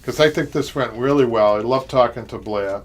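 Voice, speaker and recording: A man's voice: medium pitch, normal speed, slight background noise. Chatty Boston-accented man hosting. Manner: chatty, rambling, laughs often. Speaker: upholstery show host. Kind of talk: live-stream chat reading viewer comments.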